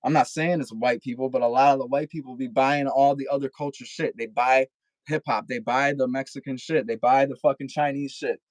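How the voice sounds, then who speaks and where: A young man rambles through a casual podcast chat over a video call, filling every thought with "like" and swearing freely. His voice sits at an ordinary pitch. The sound is dry and close, with no room around it. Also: fairly even intonation, a little fast, no echo, poor audio. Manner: rambling, profane, lots of filler "like". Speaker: guest rapper.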